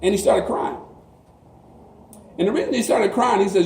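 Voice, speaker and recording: A man's voice: high-pitched, expressive, moderate pace, creaky, darkish tone, recorded from a distance, a little hiss or hum. A man in his sixties, a group counselor, giving a talk to an audience in a folksy, preacher-like storytelling way. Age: 60s. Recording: echoey hall, voice heard from afar.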